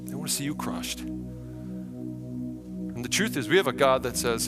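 A male pastor preaching a sermon with animated, vivid storytelling in a church hall. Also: medium pitch, a little slow, pauses often, music in the background. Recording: long hall reverb.

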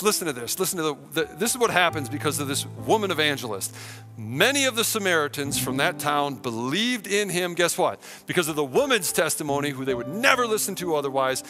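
A male pastor delivering a sermon as a lively story. He swings from hushed, intimate lines to excited exclamations, in a fairly high voice. Clear music plays underneath throughout. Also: moderate pace.

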